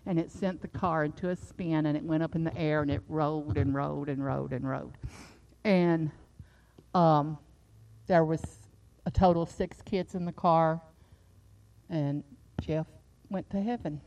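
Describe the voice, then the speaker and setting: A middle-aged woman preaching a sermon, moving from a quiet personal story into fervent, rising exhortation. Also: low-pitched, steady tone, moderate pace, long pauses. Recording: slightly dull lo-fi sound.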